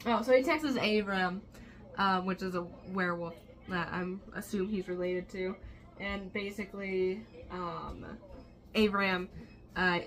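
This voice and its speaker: A woman's voice: mid-range voice, fairly bright tone. A woman recapping a novel in a chatty, rambling way, with many fillers. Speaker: book vlogger. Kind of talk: casual book recap.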